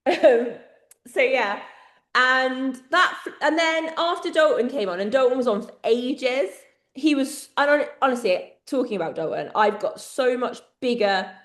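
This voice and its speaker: High-voiced chatty English woman. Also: expressive, a little slow, a bit bright, roomy sound. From England. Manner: chatty storyteller, laughs often. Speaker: podcast co-host. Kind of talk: casual chat.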